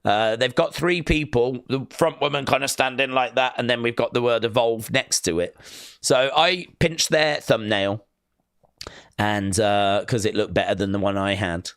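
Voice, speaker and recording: A man's voice: medium pitch, moderate pace, a bit bright, clear, resonant tone, no echo, clean studio sound. A man hosting a casual live watch-along stream, chatting loosely and reading viewer comments aloud.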